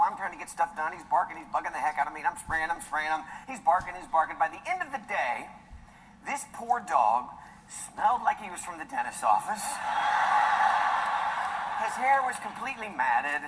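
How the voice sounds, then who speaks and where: A man's voice: fairly high pitch, fairly bright tone. Brief: male stand-up comic telling a story with an exasperated edge, recorded in a noisy, echoing hall. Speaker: comedian.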